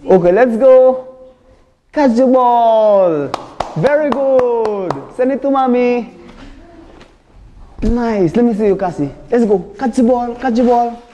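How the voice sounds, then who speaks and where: Slow, patient Barbadian woman caregiver. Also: on the high side, dark tone, dull audio. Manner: slow, patient, repetitive praise. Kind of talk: play exercises with toddlers. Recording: echoey room with faint noise.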